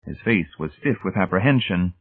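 A man with a very deep voice narrates a novel in a steady, measured way. The sound is thin and band-limited, like it's coming through a telephone. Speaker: audiobook narrator. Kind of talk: scripted narration. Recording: tinny phone-like band.

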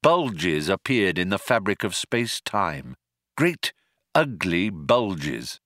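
A man narrating a story in a measured, wry storytelling manner. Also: low-pitched, sing-song, a bit bright, dry recording, studio quality. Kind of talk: audiobook narration.

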